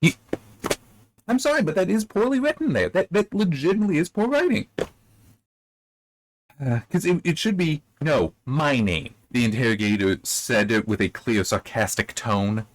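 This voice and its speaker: A book reviewer talks casually through a critique of a book chapter, rambling, restarting often and jumping up in pitch when he gets worked up. He speaks at a moderate pace in a sing-song way with long pauses.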